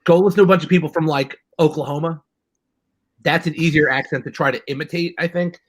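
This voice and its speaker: A man with a New York accent hosts a casual chat in a fast, somewhat high voice with fairly even intonation. The recording is rough but has no room sound, and his rambling stories are full of restarts.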